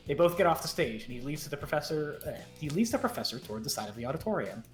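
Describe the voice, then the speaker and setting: A man streamer reading a story game aloud, with quick jokey asides. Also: a little high, faint music behind. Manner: fast, lively, joking asides. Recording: roomy echo.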